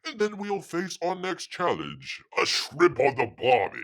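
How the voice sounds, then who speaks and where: A man putting on an exaggerated Australian accent as a loud, jokey bloke. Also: fairly high pitch, huge pitch swings, unhurried, voice pushed up, full character voice. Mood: hammy. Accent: Australian, put on badly.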